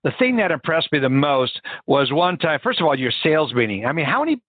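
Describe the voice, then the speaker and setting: A man's voice: a little high, sing-song, fast, husky. A man hosting a podcast, telling stories with enthusiasm and frequent restarts in casual interview chat. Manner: enthusiastic storyteller, restarts often. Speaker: podcast host. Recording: narrow phone-line audio, dry.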